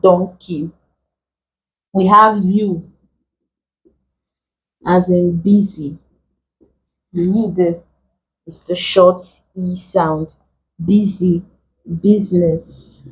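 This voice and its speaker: A woman English tutor teaching vowel sounds for exam preparation, saying example words slowly and often repeating them. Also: fairly low pitch, fairly even intonation, slight background noise, rough recording. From Nigeria. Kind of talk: exam prep lesson.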